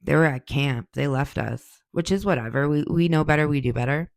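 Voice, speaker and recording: A deep-voiced woman in her forties hosts a podcast, talking a little fast with vocal fry and no room sound. She answers questions in a casual monologue, telling stories in a blunt, profane, heated way.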